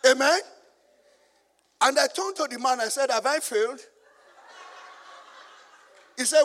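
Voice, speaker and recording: A male preacher with a Nigerian accent and a very high voice delivers a sermon that mixes call-and-response questions with funny personal stories. His voice rings out with a long reverb in a large church hall. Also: measured pace, pauses often, fairly bright tone. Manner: call-and-response preaching, asking the congregation to finish his lines; storytelling with humor. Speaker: pastor.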